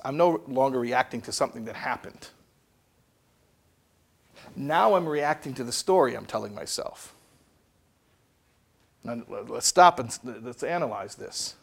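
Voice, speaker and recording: A man delivering a lively motivational talk in a gravelly, slightly husky voice. He leans on rhetorical questions and acts out little scenes as he tells stories. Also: medium pitch. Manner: storytelling with rhetorical questions and acted-out dialogue. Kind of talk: animated motivational lecture.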